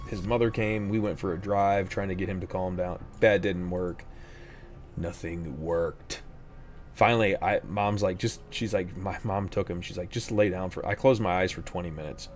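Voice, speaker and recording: A young man telling rambling stories as he chats during a game stream, breaking into exasperated outbursts. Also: on the low side. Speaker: gaming streamer. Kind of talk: casual chat while gaming.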